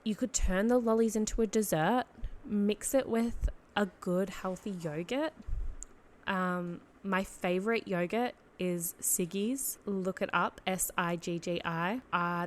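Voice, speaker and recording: A woman's voice: fairly low pitch, measured pace, a little hiss or hum. A young woman with an Australian accent hosting a casual solo podcast, talking in a rambling way full of "like" and self-corrections, and often laughing at herself. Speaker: podcast host.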